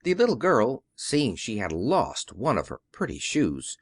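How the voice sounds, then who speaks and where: A man reading a classic children's story aloud as an audiobook narrator, in a measured storytelling way. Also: mid-range voice, wildly swooping pitch, no echo, studio quality. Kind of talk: scripted narration.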